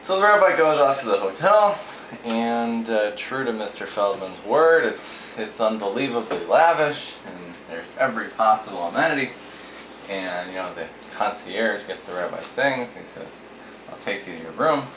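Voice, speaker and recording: Low-voiced man telling jokes in an echoey room. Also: normal speed. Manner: relaxed storyteller, acts out voices in quotes. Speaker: joke teller. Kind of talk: casual joke telling. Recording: echoey room with faint noise.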